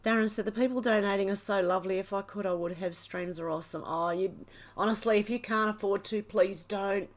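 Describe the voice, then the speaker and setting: A woman hosting a livestream reads out her viewers' chat messages one after another. She is tearful and overwhelmed, laughing and choking up as she goes. Her voice sits at an ordinary middle pitch. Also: steady tone, a little fast. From Australia. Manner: emotional, teary and laughing, overwhelmed. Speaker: livestream host. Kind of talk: reading live chat aloud.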